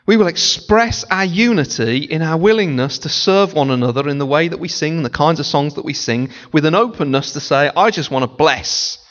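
A man preaching a sermon as a pastor, animated and playful, often mimicking voices and singing snippets. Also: on the high side, a little fast, hardly any pauses. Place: church sanctuary. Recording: dull lo-fi sound in a large reverberant church hall.

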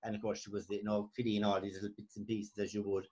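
A man's voice: on the low side, little pitch movement, quick pace, dark tone, slightly rough. A man from Cork, a guest on a video call, telling a story with chuckles. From Cork, Ireland. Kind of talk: casual video call interview. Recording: dull lo-fi video call audio.

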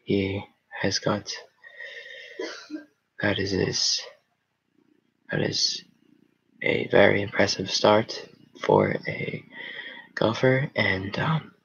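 A young man putting on a hushed golf announcer voice, low and halting, on a dull lo-fi recording. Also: vocal fry, slightly rough, heavily acted.

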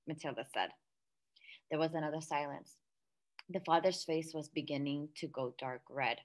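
A woman reading a children's storybook aloud in an expressive, lively way. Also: low-pitched, normal speed, long pauses. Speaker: storybook reader.

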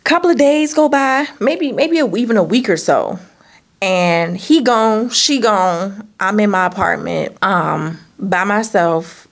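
Gravelly woman telling a dramatic story. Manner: animated, dramatic storytelling with asides to viewers; acts out quotes with sudden high-pitched bursts. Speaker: vlogger telling a personal story. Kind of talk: storytime vlog.

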